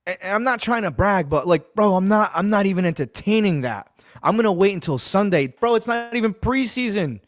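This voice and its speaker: A man's voice: high-pitched, expressive, brisk, no echo, clean studio sound. Blunt, profane man ranting on a podcast. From Massachusetts. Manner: blunt, profane and emphatic, repeats his points. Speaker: sports podcast host. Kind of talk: ranting sports podcast talk.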